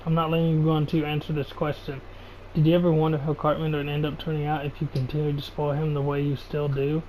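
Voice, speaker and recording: A man voicing a vengeful, sadistic young man who threatens his captive in a fast, snarling rush. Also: fairly high pitch, monotone, mellow, a little hiss or hum, lightly acted, poor audio. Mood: menacing.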